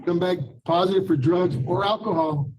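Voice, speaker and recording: A man's voice: sits high, steady tone, normal speed, crowd noise, rough recording. A man presiding as judge at a courtroom hearing, giving firm, instructive warnings. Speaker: magistrate judge.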